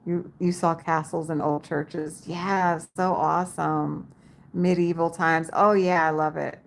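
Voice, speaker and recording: Woman livestreaming from home, low voice, gravelly fry, chatty, laughs a lot, reads viewer comments aloud. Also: flat delivery, a little slow, a little hiss or hum. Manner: chatty, laughs often, talks to viewers by name. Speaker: livestream host. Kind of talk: casual livestream chat reading comments. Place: home in Las Vegas.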